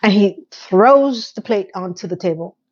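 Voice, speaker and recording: A woman's voice: medium pitch, animated, unhurried, darkish tone, dull audio. A woman chatting casually to her viewers as she recaps a TV episode, sassy and direct.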